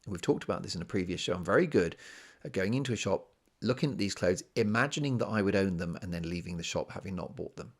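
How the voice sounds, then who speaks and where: A man's voice: low voice, lively intonation, fast. A man from Britain hosting a solo podcast, talking in a chatty, self-mocking way with rambling asides. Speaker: podcast host. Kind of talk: casual solo podcast monologue.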